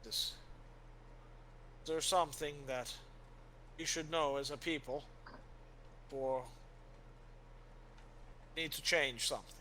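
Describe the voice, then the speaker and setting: A man's voice: fairly high pitch, takes it slowly, pauses often, sharp tone, a little hiss or hum, poor audio. A man voicing a troubled solemn knight. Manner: earnest, formal pleading.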